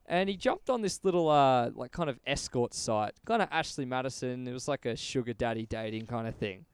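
A man's voice: medium pitch, expressive, brisk, clean tone. A man hosting a casual podcast, telling a story with lots of swearing and laughter. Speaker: podcast host.

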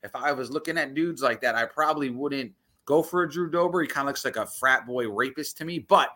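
A man co-hosting a podcast in casual chat, rambling and animated. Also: medium pitch, fairly quick. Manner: rambling, lots of restarts, animated. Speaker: podcast co-host.

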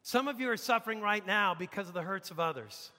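A man preaching a sermon as pastor, emphatic, dropping to a hush and rising to loud peaks. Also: high-pitched, lively intonation, fast. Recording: long reverb of a large hall.

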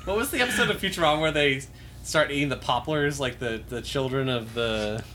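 A man's voice: mid-range voice, brisk, sharp tone, slight background noise. A man hosting a podcast, chatting casually with rambling asides and joking remarks. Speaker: podcast host.

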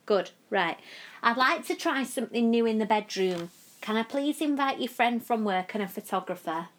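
Woman, podcast co-host; higher-pitched, giggly, teasing banter. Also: expressive, normal speed. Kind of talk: casual chat. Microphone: podcast mic with headphones.

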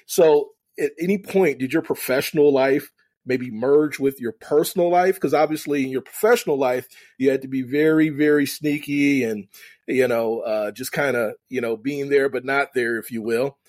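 A man's voice: medium pitch, normal speed, a little mellow, no room sound. A man hosting a podcast, asking questions in a hesitant way with frequent restarts. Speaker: podcast host. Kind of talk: interview questions.

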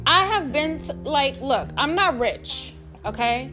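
Speaking slowly in a high, expressive, sharp-toned voice, a podcast host from New York City recounts a personal story with faint music behind. She's blunt and profane, stresses her points, and talks straight to "y'all."

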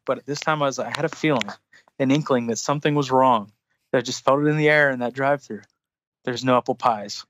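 A podcast host casually retells a frustrating story, swearing heavily and getting heated in a profane, animated way. His voice is on the high side, with no echo.

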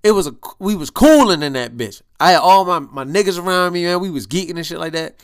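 A young man hosting a podcast, telling a story in a casual, animated way with heavy street slang and acted-out quotes. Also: sits high, quick pace, clear, resonant tone. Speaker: podcast host.

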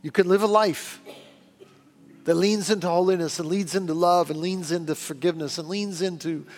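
Male pastor, sermon, earnest and pleading, somewhat high voice, long reverb, faint music bed. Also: steady tone, normal speed. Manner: earnest, pleading, drops to hushed tones.

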